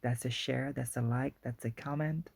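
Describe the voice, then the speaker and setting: A woman's voice: a bass voice, steady tone, normal speed, creaky, darkish tone, breathy edge, dry recording. A woman from Guadeloupe with a Guadeloupean accent, hosting a solo podcast in a chatty, rambling way and joking about being wordy. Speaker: podcast host.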